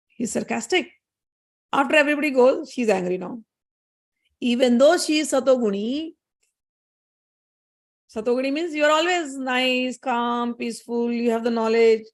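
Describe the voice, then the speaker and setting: A woman's voice: fairly high pitch, vocal fry. Woman retelling a scripture story. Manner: conversational, explanatory, with fillers and asides. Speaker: spiritual teacher.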